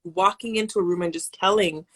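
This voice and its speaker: A woman's voice: lowish voice, fairly even intonation, a little fast. A woman hosting a live chat, listening with empathy and asking supportive questions. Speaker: host. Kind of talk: casual interview chat.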